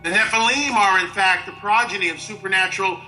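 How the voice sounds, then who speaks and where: Give me an emphatic man with a high, piercing voice and soft music underneath. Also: brisk, rough recording. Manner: emphatic, convinced. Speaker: documentary interviewee. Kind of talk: documentary interview.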